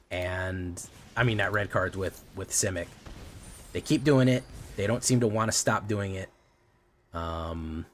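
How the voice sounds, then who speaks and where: A man's voice: fairly low pitch, fairly bright tone. A man streaming a card game who talks casually and stumbles into heated, profane rants about the game. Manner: frequent fillers and restarts, gets heated and swears. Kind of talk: casual livestream rant.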